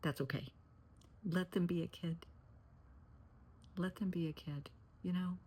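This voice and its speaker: A woman's voice: lowish voice, steady tone, measured pace, darkish tone, slightly rough. A middle-aged woman therapist giving earnest, cautionary advice to parents, often dropping to a near-whisper. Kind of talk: direct-to-camera advice talk.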